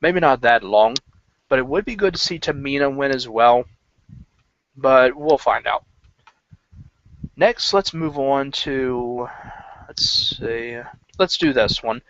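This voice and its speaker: A man's voice: medium pitch, takes it slowly, pauses often, fairly bright tone. A man giving casual predictions about wrestling matches in a rambling way, full of fillers and self-corrections. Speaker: wrestling pundit. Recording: dull lo-fi recording.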